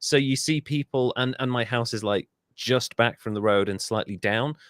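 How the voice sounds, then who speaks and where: A man's voice: mid-range voice, normal speed, a bit bright, dry recording, clean studio sound. A man from England, co-hosting a podcast in casual, jokey chat and swearing freely. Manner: swears freely, jokey, mimics people in silly voices. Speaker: podcast co-host.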